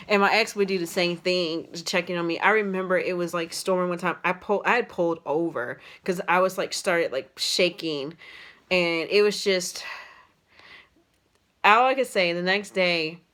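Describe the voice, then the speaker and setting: A young adult woman tells a personal story to her vlog audience in a casual, rambling way. Her voice sits a little low for a woman, and she leans on fillers and restarts as she talks. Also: moderate pace, fairly bright tone. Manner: rambling, many fillers and restarts, emotional retelling. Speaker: vlogger.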